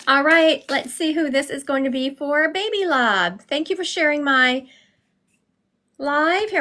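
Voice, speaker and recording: Chatty middle-aged woman, slightly high voice. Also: a bit bright. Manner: rambling and chatty. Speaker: psychic medium. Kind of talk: chatty livestream. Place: her home.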